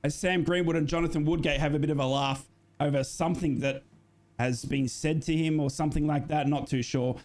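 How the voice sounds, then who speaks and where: A man giving live, excitable football commentary as host, jokey and prone to shouting and gushing at big moments. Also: fairly high pitch, fairly quick.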